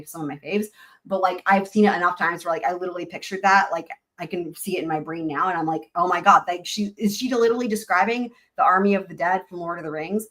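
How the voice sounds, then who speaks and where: A woman's voice: medium pitch, fairly bright tone. A woman hosting a live stream, reacting to a court clip in blunt, rambling casual commentary full of fillers. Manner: blunt, rambling, uses many fillers and swears.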